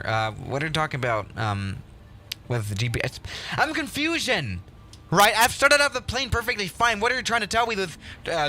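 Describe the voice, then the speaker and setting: A young man hosting a game livestream, chatting casually in an excitable, rambling and self-mocking way. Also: a little high, a little hiss or hum. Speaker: livestream host.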